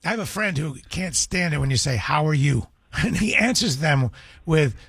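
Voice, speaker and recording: A man hosting a radio call-in show, his voice slightly husky and a bit higher than most men's. He is gentle and sympathetic with callers. The sound is dry and close, straight from a studio mic. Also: animated, normal speed, no echo.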